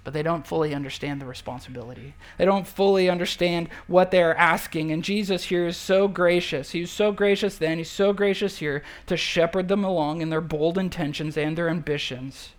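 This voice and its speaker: A woman's voice: on the low side, normal speed, hardly any pauses. A woman pastor preaching a sermon in a conversational way, repeating key phrases and checking in with her listeners. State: emotional when recalling loss.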